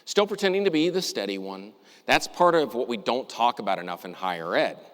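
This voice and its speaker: A middle-aged man telling a personal story in a talk, reflective and measured, with deliberate pauses. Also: medium pitch, animated, a bit bright. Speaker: university administrator giving a talk. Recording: long reverb, as in a hall.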